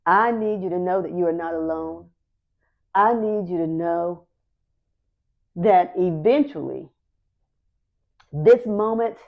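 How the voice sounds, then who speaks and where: Middle-aged woman, podcast host, slow earnest encouragement, dull lo-fi sound. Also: lowish voice, gravelly. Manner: slow, earnest and emphatic, repeating key phrases. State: emotional, near tears. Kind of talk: encouraging faith talk.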